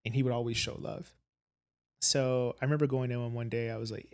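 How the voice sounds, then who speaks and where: A man's voice: mid-range voice, flat delivery, a little fast. A man as a rapper guest in a casual podcast chat, rambling through stories and acting out other people's voices. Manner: rambling storyteller, acts out quoted voices.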